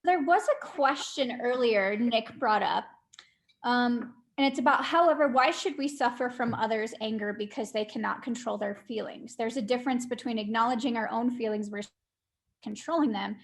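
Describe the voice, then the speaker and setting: A woman co-hosting a webinar over a video call, reading audience questions aloud in a measured way. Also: on the high side.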